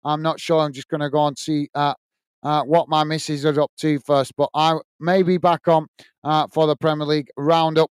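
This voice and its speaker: A British man hosts a casual livestream, reading out viewer comments and thanking each viewer by name with repeated friendly sign-offs. His voice is fairly high and clear, with lots of ums and uhs. The sound is close and dry, with no room echo. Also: level tone, normal speed. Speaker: livestream host.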